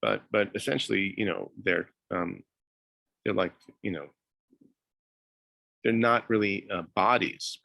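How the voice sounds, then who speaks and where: A man's voice: fairly low pitch, measured pace, creaky, long pauses, pushed and bright, no room sound. A man giving a university lecture, hesitant, with many fillers and restarts.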